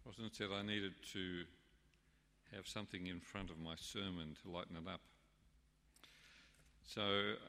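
A male pastor preaching a sermon in a wry, storytelling way. His voice is lowish but bright and forceful. The long reverb of a church carries every word.

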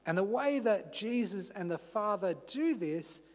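Slow, unhurried preacher in a reverberant church. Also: male voice, high-pitched, animated. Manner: measured, unhurried preaching with a gentle conversational aside. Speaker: pastor. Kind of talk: sermon.

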